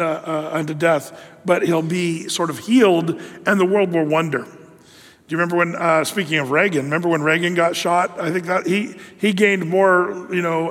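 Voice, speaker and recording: A man's voice: high-pitched, fairly bright tone. A man preaching a sermon as pastor, rambling with many fillers and restarts. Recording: long reverb of a hall.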